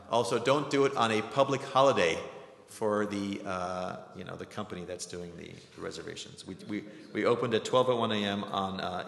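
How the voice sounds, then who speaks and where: A program host with a mid-range, fairly bright voice runs a community lecture, chatting through announcements and introducing the speaker with joking asides and lots of ums. The lecture hall has an audience, and the recording is echoey with faint noise.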